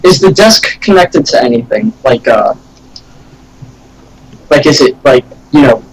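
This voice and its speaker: A man with an American accent playing a tabletop game, asking halting questions full of fillers. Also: mid-range voice, lively intonation, breathy edge, low-quality recording. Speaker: player.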